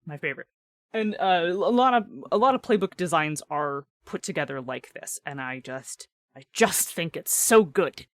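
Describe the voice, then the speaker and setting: A woman's voice: on the low side, animated, moderate pace, no room sound. A woman hosting a podcast, chatting casually about tabletop games; she laughs often and slips in dry sarcasm. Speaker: podcast host.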